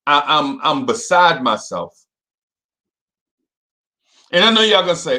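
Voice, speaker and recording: A young man hosting a casual fan livestream, repeating himself and shouting out viewers by name. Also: a little high, big pitch swings, a little slow.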